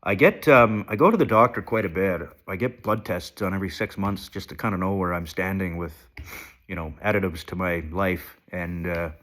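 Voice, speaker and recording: Stuffy-nosed and trembling with sickness, a man vlogs into his handheld phone, his voice low and a bit bright at normal speed. It is a casual confessional in which he rambles on, cursing and belittling himself.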